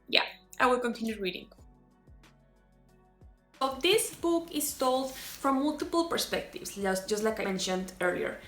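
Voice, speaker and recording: A young book vlogger who grew up speaking describes her reading day in a casual chat from her bedroom, where the room echoes and light music runs underneath. Her slightly high, fairly bright voice has lively intonation, an unhurried pace and long pauses. She's playful and chatty, rambling with lots of "like."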